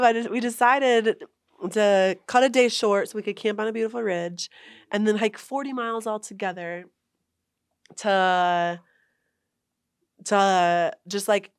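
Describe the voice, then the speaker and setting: A young woman tells a heated story in a relaxed interview, her pitch sitting in a middle range. She gets animated and slips into quoted voices of herself and others. The sound is close and dry, with little room around it. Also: smooth, no room sound. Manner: animated, retells arguments with lively quoted voices. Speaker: guest, long-distance hiker.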